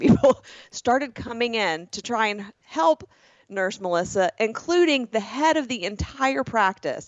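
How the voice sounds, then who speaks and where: A woman in her forties with a Southern American accent, co-hosting a comedy podcast and telling lively stories with lots of laughter. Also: medium pitch, no echo. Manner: animated, laughs often, acts out the people in her stories. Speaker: podcast co-host. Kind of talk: comedic storytelling. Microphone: podcast microphone. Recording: slightly dull, lo-fi, dry.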